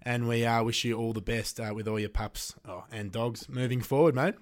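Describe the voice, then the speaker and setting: A man's voice: medium pitch, fairly even intonation, moderate pace. A man hosting a casual podcast chat, jokey and upbeat, with plenty of fillers. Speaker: podcast host.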